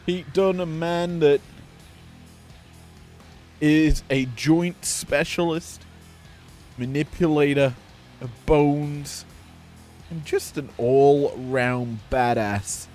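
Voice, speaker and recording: A man's voice: fairly high pitch, extremely slow, long pauses, darkish tone, faint music behind. A man doing casual play-by-play commentary, full of joking, offhand asides.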